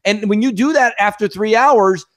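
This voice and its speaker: A man's voice: high-pitched, moderate pace, fairly bright tone. A man co-hosting a casual gaming podcast, talking animatedly and acting out mocking voices of fans. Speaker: podcast co-host.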